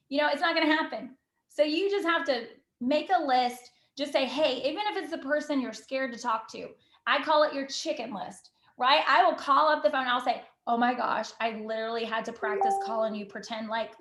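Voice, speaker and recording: A woman giving an enthusiastic motivational talk on a team call, bubbly and quick, full of "you know" and "literally". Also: sits high, a bit bright, reverberant. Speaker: team call guest speaker.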